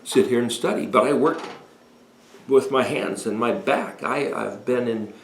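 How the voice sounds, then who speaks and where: A man in his sixties giving a deliberate, emphatic talk explaining Hebrew words as a home Bible teacher. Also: mid-range voice, creaky, noisy background. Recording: echoey room.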